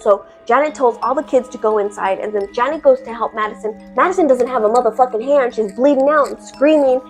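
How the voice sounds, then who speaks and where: A woman tells a horror story in a loose, casual way, animated and heavy on swearing and fillers like "like." Her voice sits a little high. Faint chime music plays behind her. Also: fairly quick, few pauses.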